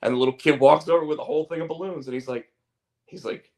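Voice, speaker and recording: Gravelly man rambling in casual chat. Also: a little high, fast talker. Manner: rambling, repeats words, animated storyteller. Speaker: podcast host and comic artist.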